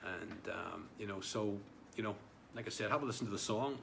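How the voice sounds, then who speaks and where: A man's voice: lowish voice, a little fast, vocal fry, fairly bright tone, slight background noise. A man hosting a casual live stream, reading out viewer comments in a rambling way, with many fillers and repeated words. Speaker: livestream host.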